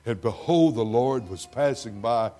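Dramatic older Texan preacher. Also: male voice, medium pitch, lively intonation, unhurried. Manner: dramatic, swinging from loud to hushed. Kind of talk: sermon. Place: church before a congregation.

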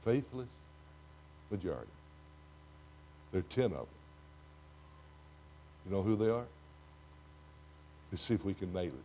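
A dramatic older preacher with a Texan accent, delivering a sermon to a church congregation. His dark, mellow voice swings between booming emphasis and quiet asides. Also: expressive, measured pace, pauses often, a little hiss or hum. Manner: dramatic, swinging from loud to hushed.

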